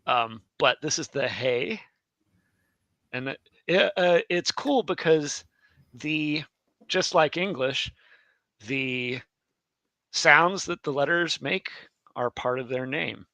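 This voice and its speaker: A man's voice: on the high side, slow, long pauses, bright, forceful tone, dry recording. A man teaching a live Hebrew alphabet lesson in a chatty way, correcting himself as he goes. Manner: chatty, self-correcting, laughs easily.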